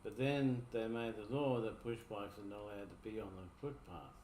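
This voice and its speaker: A man's voice: lowish voice, normal speed, warm tone. Laid-back Australian man in an echoey room. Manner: rambling, laid-back explaining. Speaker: streamer reacting to videos. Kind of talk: casual commentary. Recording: echoey room, faint noise.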